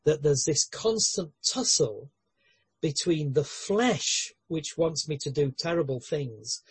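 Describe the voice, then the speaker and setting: A man's voice: a little high, animated, slow pace, slightly rough, no room sound. A man preaching a sermon in an earnest way, with light humorous asides and frequent word repetitions and restarts.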